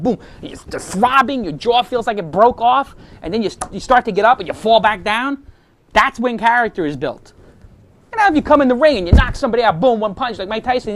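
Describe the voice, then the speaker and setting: A high-voiced man gives an animated, motivational talk to a room of students. He punctuates his stories with sound effects and shifts his delivery freely. His style is punchy, candid and confident. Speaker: host giving a talk to students. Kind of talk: motivational storytelling.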